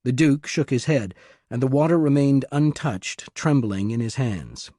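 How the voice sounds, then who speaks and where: Man narrating an audiobook, mellow voice. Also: medium pitch, lively intonation, unhurried, dry recording, studio quality. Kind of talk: scripted narration.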